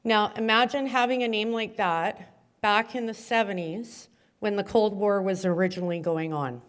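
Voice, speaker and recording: A woman's voice: medium pitch, steady tone, normal speed. A middle-aged woman mayor giving a heartfelt, chatty award-ceremony speech with many fillers.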